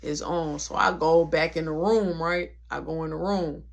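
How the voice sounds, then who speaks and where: A woman telling a long personal story in a casual, animated way, full of slang and punchy sound words. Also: sits low, normal speed, gravelly.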